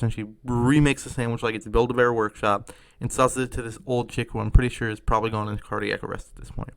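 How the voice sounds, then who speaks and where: A man's voice: medium pitch, gravelly, no echo. A young man telling a sarcastic, profane comedy story about customers at his food service job.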